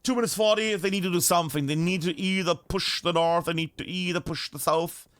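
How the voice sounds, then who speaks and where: A man's voice: high-pitched, brisk, no echo. A man from northern Bavaria, a German speaker, giving chatty live commentary on a team shooter match as caster. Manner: chatty, animated, swears casually. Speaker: esports caster.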